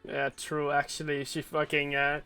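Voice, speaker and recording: Bright-voiced rambling podcast host, man. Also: a little high, monotone, normal speed, clean tone, faint music behind. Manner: rambling, filler-heavy, crude and joking. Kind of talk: casual chat.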